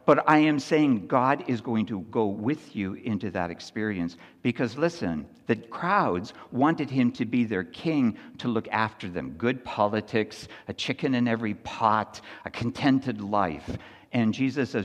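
A pastor with a medium-pitched voice preaches conversationally in a large hall, frequently checking in with "right?" His slightly slow delivery swings between soft, hushed lines and loud, lively storytelling.

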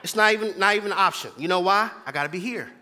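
A man's voice: sits high, fast, sharp tone, long reverb tail. A man preaching a sermon as pastor in a church, emphatic and repetitive, calling out to the congregation. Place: church sanctuary.

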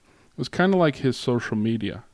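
A man speaking as a guest lecturer to a class, in a relaxed way with many fillers, pauses and restarts. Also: medium pitch, no room sound, clean studio sound. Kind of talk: casual classroom talk.

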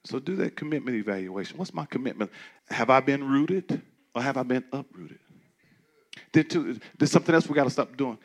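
A man preaching a sermon as pastor, talking to the congregation in a conversational way with many restarts, dropping to quiet asides and rising to loud, emphatic declarations. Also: mid-range voice, animated, fairly quick. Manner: frequent stammering restarts.

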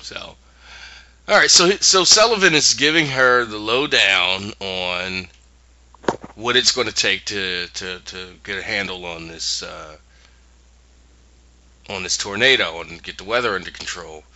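A man with a fairly low, very bright voice walks through a TV episode in casual talk. His pitch moves a lot as he slips in and out of character voices. The recording is dull and lo-fi. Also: measured pace, pauses often. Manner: acts out characters' lines in voices. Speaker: podcast host recapping a TV episode. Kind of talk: casual recap storytelling.

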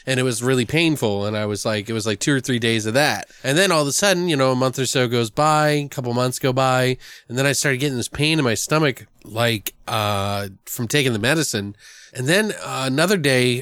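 A man's voice: medium pitch, a little fast, fairly bright tone, clear, resonant tone, dry recording, studio quality. A man hosting a casual podcast, joking and swearing as he rambles through a story, sounding worn after being sick. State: recovering from illness. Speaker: podcast host. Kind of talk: casual chat.

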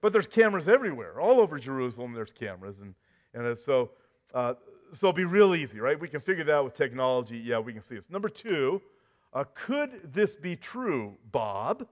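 A man's voice: mid-range voice, sing-song, fast. A man preaching a sermon, talking conversationally and telling a dramatic story with rhetorical questions. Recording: dull lo-fi recording.

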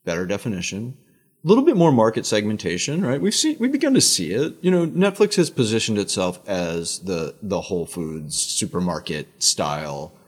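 Middle-aged male exec guest: husky, expressive, animated storyteller. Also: on the low side, normal speed. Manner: animated storytelling, emphatic asides. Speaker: media executive guest. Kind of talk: conversational interview.

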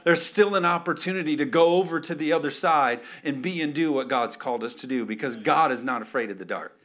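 Animated pastor preaching, slightly high voice. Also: male voice, brisk. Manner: animated, playful, calls for amens. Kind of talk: sermon.

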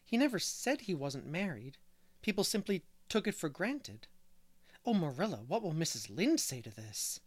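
A man voicing an earnest young woman who speaks gently and fairly, in a dry audiobook reading. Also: a little high, sing-song, moderate pace, dry recording.

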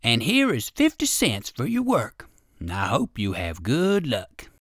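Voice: medium pitch, wildly swooping pitch, a little slow, a bit bright, dry recording, studio quality, full character voice. A storybook narrator voicing a friendly, polite show monkey who speaks gratefully.

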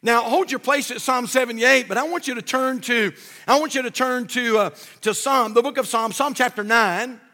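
An older man gives a sermon as pastor, speaking at normal speed in a high, bright, forceful voice. His preaching is folksy and fervent with frequent repetition, and the church sanctuary adds a long, ringing reverb.

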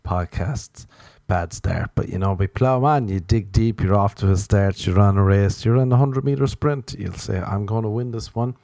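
Irish guy doing a solo podcast at home, low gravelly voice, dry close sound, rambly and jokey. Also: moderate pace, few pauses, dark tone, no echo. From Ireland. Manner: self-mocking, meandering, jokey asides. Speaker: podcast host. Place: apartment in LA.

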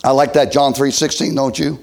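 A middle-aged man preaching a revival sermon, folksy, swinging from loud shouts to hushed near-whispers. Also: medium pitch, steady tone, fairly quick, vocal fry. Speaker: pastor.

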